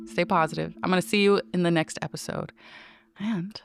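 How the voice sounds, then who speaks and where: Rambling, playful middle-aged woman podcaster, gravelly. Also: on the low side, steady tone, fairly quick, no echo, clean studio sound, soft background music. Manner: rambling, playful and self-mocking, with laughs and asides to listeners. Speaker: podcast host. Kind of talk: casual solo podcast monologue.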